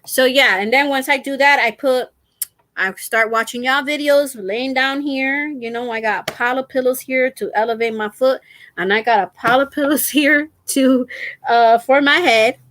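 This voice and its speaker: A middle-aged woman who hosts a crochet channel chats casually on a live stream from home, lying down with her feet up. Her high voice is a bit bright and moderately paced, and she laughs often while telling her viewers stories. The laptop mic gives a dry recording.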